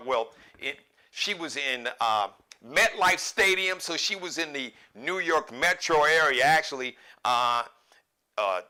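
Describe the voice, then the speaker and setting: A man hosting a live show, talking in a loose, joking, rambling monologue with sudden animated bursts. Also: medium pitch. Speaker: show host.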